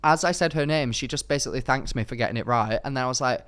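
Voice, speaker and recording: A young man co-hosting a podcast, telling a story in casual chat and acting out quotes with sudden high bursts. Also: fast, few pauses, fairly bright tone, smooth. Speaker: podcast co-host.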